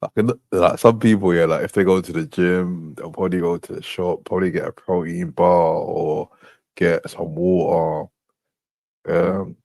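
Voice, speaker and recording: A man's voice: deep voice, steady tone, normal speed, vocal fry, darkish tone, no room sound. A young man hosting a show, commenting on clips with frequent laughter and mockery. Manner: laughing, mocking. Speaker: host.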